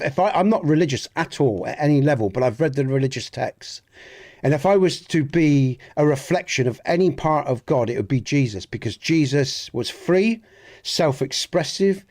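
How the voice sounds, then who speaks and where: A man's voice: a little high, darkish tone. An English man with a Dorset accent chatting earnestly and ramblingly with viewers during a game livestream, often restarting and swearing mildly. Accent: Dorset, Southwest English. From England. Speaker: streamer. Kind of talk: casual livestream chat with viewers.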